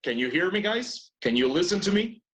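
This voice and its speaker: A man leads an English lesson over a video call. His voice rises and falls a lot, which keeps it lively. He patiently repeats each question until a student answers. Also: high voice, fairly quick, poor audio. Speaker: English teacher. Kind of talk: online class teaching.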